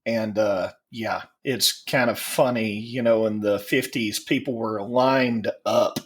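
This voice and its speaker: A middle-aged man, a podcast co-host, speaking in a measured, blunt way in casual chat. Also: on the low side, fairly even intonation.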